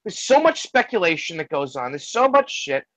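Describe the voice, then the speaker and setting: A man's voice: fairly high pitch, big pitch swings, normal speed, fairly bright tone, dry recording. A man rambling in a loose, casual chat on a video call, swearing freely. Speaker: hangout participant. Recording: dull lo-fi sound in a dry space.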